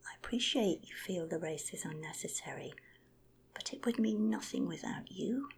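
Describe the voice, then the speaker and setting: A woman voicing a tiny female hummingbird who coaxes and flatters, in a whispered storybook reading. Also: fairly low pitch, normal speed, vocal fry, pitched above the performer's own voice. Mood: coaxing. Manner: coaxing, flattering.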